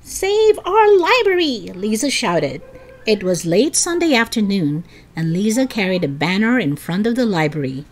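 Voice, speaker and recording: A woman storyteller reads a children's chapter book aloud. Her pitch sits in the middle but swings widely and expressively. She jumps up high and excited whenever the kids speak. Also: moderate pace. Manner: lively reading, high excited voices for the kids' lines.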